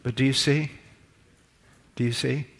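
A middle-aged male preacher giving a sermon, shifting between loud, slow emphatic preaching and quiet personal storytelling. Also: medium pitch, steady tone, vocal fry, slightly rough.

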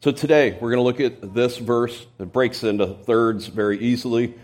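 A man's voice: medium pitch, moderate pace, a little mellow. Man preaching an expository sermon. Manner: explains Greek text, emphatic swells on key words. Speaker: pastor.

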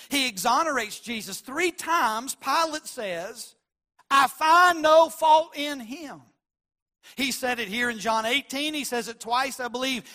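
A male pastor delivers a sermon in a high, bright, forceful voice. He presses his points with repetition and swings between loud declarations and soft asides.

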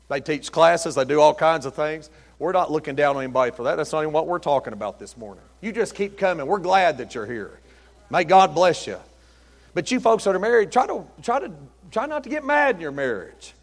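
Middle-aged male pastor, gravelly and a touch high, folksy joking sermon delivery. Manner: folksy, joking, lively storytelling. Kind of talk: sermon with humorous stories.

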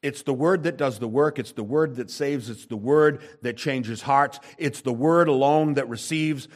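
A man preaching a sermon, emphatic, with wide swings between loud and soft and frequent rhetorical questions to the congregation. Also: mid-range voice, normal speed. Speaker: pastor.

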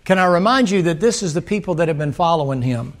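A man preaching a sermon in a folksy manner, acting out voices and rising to emphatic shouts. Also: fairly high pitch, animated, fast talker.

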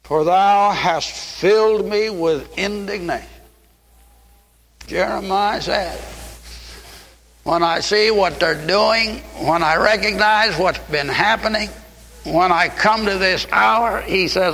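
A man's voice: high voice, slow pace, sharp tone. A man preaching a fervent sermon in a church, quoting scripture in old-style English. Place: church sanctuary. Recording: long hall reverb.

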